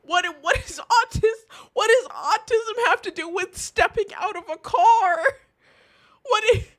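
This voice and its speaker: Reacting to a clip on her stream, a young woman laughs in disbelief and swears freely in a loose, chatty way. Her high voice swings widely in pitch, expressive yet at a measured pace.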